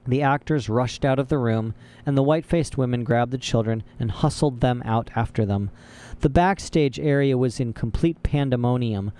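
Male storybook narrator, steady and even, warm mellow tone. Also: mid-range voice, clear, resonant tone. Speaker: audiobook narrator. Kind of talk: scripted narration.

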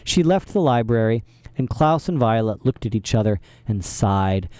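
A man reading a children's novel aloud in an expressive, wry storytelling manner. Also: lowish voice, moderate pace, no echo. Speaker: reader.

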